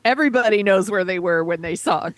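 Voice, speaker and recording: A woman co-host chats casually in a dry, close sound. She reacts fast, laughs easily and speaks bluntly. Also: mid-range voice, no room sound. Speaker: podcast co-host. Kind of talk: casual chat.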